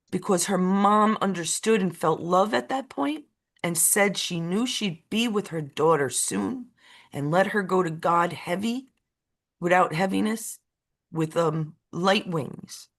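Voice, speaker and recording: A woman's voice: lowish voice, a little slow, vocal fry. A woman tells a story in a casual chat. She talks emotionally and repeats herself, and her pace speeds up and then drags. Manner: emotional, repetitive, uneven pace. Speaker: co-host.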